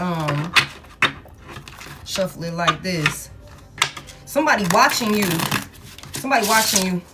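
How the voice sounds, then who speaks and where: A woman doing a collective tarot reading, swearing freely and speaking with emphatic, animated energy. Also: mid-range voice, slight background noise. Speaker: tarot reader.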